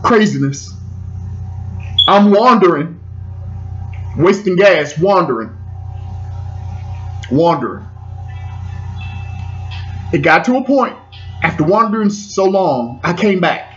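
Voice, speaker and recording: Speaking slowly and pausing often, this forties-aged man from the Washington DC area has a high-pitched, fairly bright voice with lively intonation. He recounts a personal story, stumbling over restarts and repeating phrases. Faint music sits under a dull, lo-fi recording.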